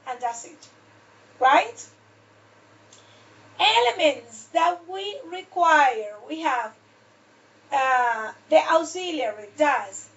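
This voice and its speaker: A woman gives an English grammar lesson, repeating each example sentence with deliberate care. Her voice sits high and she speaks unhurriedly. She is picked up from some distance on a dull, muffled recording. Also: animated. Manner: repeats example sentences slowly and deliberately, switching to Spanish for explanations. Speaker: English teacher. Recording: dull distant mic in a room.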